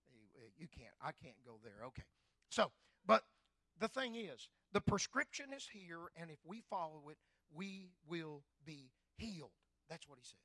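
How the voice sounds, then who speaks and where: An older man preaching a sermon, fervent and swelling loud on key phrases. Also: on the high side, no echo. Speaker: pastor.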